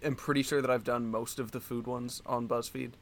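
A man's voice: mid-range voice, flat delivery, a little fast. A man co-hosting a casual comedy podcast, rambling along with many likes and restarts. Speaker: podcast co-host and quiz contestant.

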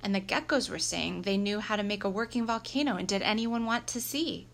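Lively woman reading a children's book. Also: medium pitch, a little fast, vocal fry, a little hiss or hum. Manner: lively, expressive storytelling. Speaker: audiobook reader. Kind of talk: scripted narration of a children's book.

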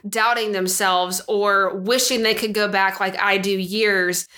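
Woman podcast cohost, bright voice, rambly, lots of "like" and "you know". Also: medium pitch, fairly even intonation, measured pace. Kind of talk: casual chat.

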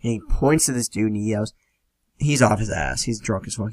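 A man's voice: on the low side, a little fast, darkish tone, no room sound. Profane young man telling stories, dry sound. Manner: rambling, profane and laid-back. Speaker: podcast host. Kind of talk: casual solo storytelling.

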